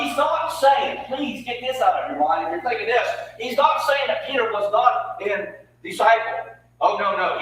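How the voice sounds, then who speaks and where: A man preaching a lively sermon in a small church, emphatic, repeating words and asking the congregation questions. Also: high-pitched. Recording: echoey room, mic far off, faint hum.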